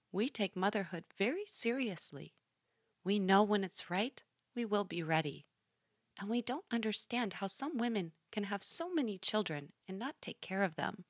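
A kindly clinic nurse croons in a high, light, hushed voice, slow and calm as she comforts someone on the phone. A woman reading her story does the voice. Every word is soft and soothing. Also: no echo, clean studio sound. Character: gentle sweet-voiced female clinic nurse.

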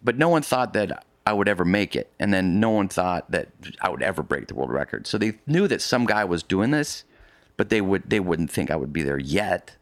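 A man's voice: sits low, lively intonation, brisk, no echo. A man being interviewed, telling a long story in casual conversation. He rambles, restarts his sentences often and adds vivid asides. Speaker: interview guest recounting a polar expedition.

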